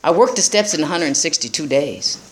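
A middle-aged woman talks bluntly to a group about recovery, swearing freely and laughing often in a streetwise manner. Her voice sits low with big pitch swings, and she speaks fairly quickly.

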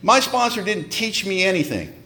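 A man sharing his story at a recovery meeting, animated and joking in a wry way. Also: high voice, normal speed.

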